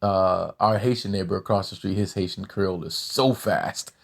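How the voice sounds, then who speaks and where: A man hosting a casual interview with his mother, relaxed and encouraging. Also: low-pitched, moderate pace, gravelly. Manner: relaxed, encouraging, laughs easily.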